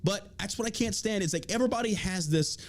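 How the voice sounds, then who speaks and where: A man's voice: high-pitched, fast. A man hosting an opinion podcast, ranting with heavy profanity and mocking imitations of the people he criticizes. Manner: mocking put-on quotes. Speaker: podcast host.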